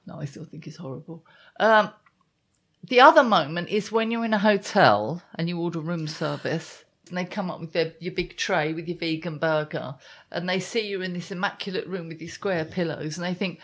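A woman's voice: on the low side, normal speed, a bit bright. A woman in her fifties, co-hosting a casual chat and telling self-mocking stories in a wry way. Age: 50s. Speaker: podcast co-host.

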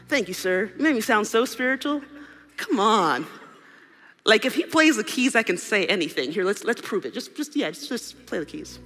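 High-voiced, bright preacher in a hall. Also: male voice, big pitch swings, moderate pace. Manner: playful, joking with a live audience. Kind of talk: sermon. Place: church hall with live audience. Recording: reverberant hall with keyboard music.

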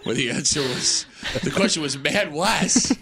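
A man in his forties hosting a morning radio show, teasing callers and co-hosts in a loud, excitable way. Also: a little high, measured pace, slight background noise. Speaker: radio host.

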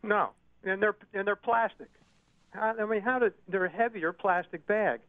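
Halting, indignant radio caller, slightly high voice, heard through a thin phone line. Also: male voice, no room sound. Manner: halting, full of uhs, indignant. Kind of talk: phone-in call. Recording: tinny, dry phone line.

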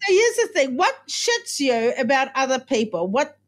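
A woman's voice: high-pitched, sing-song, normal speed. A woman in her forties with a South African accent, Afrikaans her first language, hosting a casual podcast chat in a blunt, profane way. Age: 40s. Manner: blunt and profane, laughs often. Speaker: podcast host.

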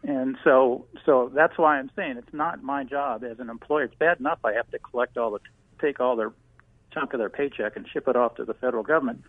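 A man calling in to a radio show as a small business owner, talking in halting restarts. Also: medium pitch, dry recording. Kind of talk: call-in conversation. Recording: phone line.

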